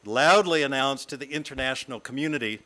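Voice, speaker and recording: A middle-aged man from the American South, a guest speaker giving a reflective talk read from a script in a lyrical, measured way. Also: mid-range voice, bright, forceful tone. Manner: lyrical, measured reading with long lists. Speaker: guest speaker at a fellowship service.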